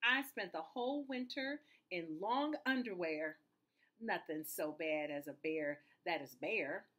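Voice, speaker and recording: A woman's voice: fairly low pitch, expressive, unhurried, fairly bright tone. A woman doing a whiny, indignant bear. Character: fussy, complaining male bear.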